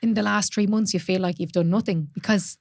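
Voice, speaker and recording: A woman's voice: mid-range voice, steady tone, brisk, gravelly, darkish tone, no room sound, studio quality. A woman in her thirties with an Irish accent, hosting a podcast as a fitness coach, talking candidly in casual chat, swearing freely and laughing often.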